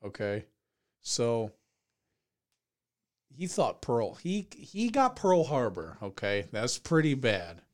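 A man hosting a casual podcast chat, animated and swearing freely. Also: mid-range voice, takes it slowly, long pauses.

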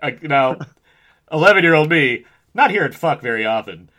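A man's voice: fairly high pitch, animated, moderate pace, pushed and bright. A man in his thirties hosting a casual film discussion; he talks animatedly, laughs often and acts out quotes from the movie. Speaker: podcast host.

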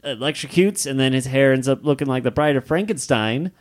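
A man with a mid-range voice retells a comic's plot in a relaxed podcast chat. He moves from panel to panel, adding quick asides. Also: mid-range voice. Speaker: podcast co-host.

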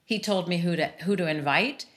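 A middle-aged woman with a lowish voice talks briskly as a guest in a personal conversation about grief. She's a sound healer and interview series host whose earnest, reflective speech is full of "you know."

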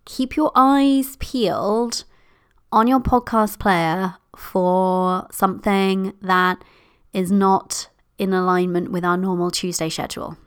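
A woman hosting her own podcast, bubbly and playful, going sing-songy when she gets excited. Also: medium pitch, slow, smooth. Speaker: podcast host and success coach. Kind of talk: solo podcast talk.

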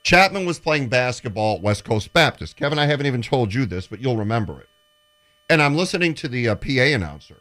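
A man's voice: medium pitch, quick pace. A man on a sports talk show, telling stories and acting out the voices of the people in them. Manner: animated storyteller who acts out quotes. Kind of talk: casual radio show chat.

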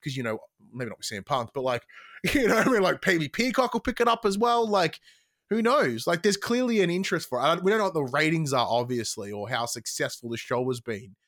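Excitable man, higher voice. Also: fast. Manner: animated, excitable, swears freely, many restarts. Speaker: podcast host. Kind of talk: casual podcast chat.

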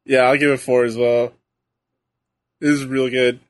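A man co-hosting a casual watch-along chat, laid-back and quick to laugh. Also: medium pitch, little pitch movement, no echo. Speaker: co-host.

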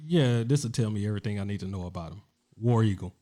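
A man's voice: lowish voice, quick pace, mellow. A man co-hosting a casual sports podcast, joking and asking questions. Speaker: podcast co-host.

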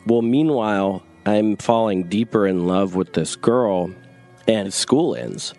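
A man's voice: on the low side, lively intonation, slow, mellow, faint music behind. A young man from North Carolina telling a rambling personal story in casual talk, filling it with "like" and acting out what others said. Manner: rambling, frequent "like", acts out quoted voices. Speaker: guest storyteller.

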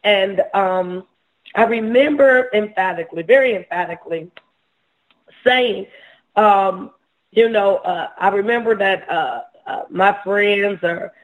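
A woman preacher giving a sermon, often repeating words and restarting her sentences, with soft laughs between points. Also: mid-range voice, slow pace. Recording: tinny phone-like sound.

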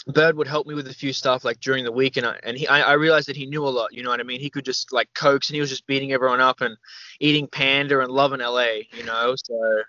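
A young man appears as a podcast guest in a casual storytelling interview, rambling loosely and saying "like" and "man" a lot. His mid-range voice is steady, fast, pushed and bright. The recording is dry, with no echo, and slightly dull.

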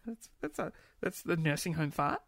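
Very animated and husky, this low-pitched woman speaks at a moderate pace while hosting a casual stream. She reads out viewer comments in a giggly, chatty, playful way, with gasps and little asides.

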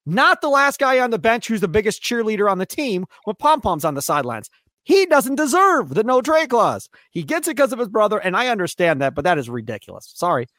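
A man with a high, lively voice rants on a sports radio show, his pitch leaping about as he gets worked up. He is recorded dry and close on a studio mic. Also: brisk, no echo. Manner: excitable, ranting, mock voices for players. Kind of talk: animated sports radio rant.

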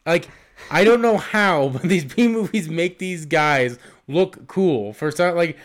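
A young man co-hosting a movie podcast in casual chat. His voice sits a bit high and comes through smooth and clear. He gets excitable, swears freely and leans on "like" between thoughts. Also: measured pace. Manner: excitable, swears a lot, lots of "like". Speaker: podcast co-host.

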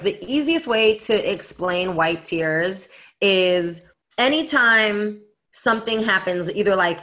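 A woman's voice: medium pitch, bright, forceful tone. Blunt, emphatic woman podcast co-host. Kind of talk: casual podcast chat.

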